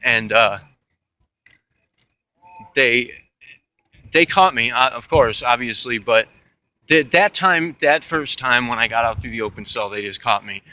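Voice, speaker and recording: A young man spins a personal tale, swearing freely and wandering off into asides. His voice is bright and forceful, with a slightly tense edge. A faint hiss sits under the recording. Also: medium pitch, poor audio. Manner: profane, rambling, with restarts and asides. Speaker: channel host. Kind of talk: rambling personal storytelling.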